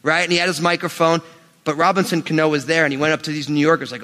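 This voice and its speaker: Male pastor, animated sermon delivery, high voice, long hall reverb. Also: fast. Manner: animated, emphatic preaching with sudden rises and drops.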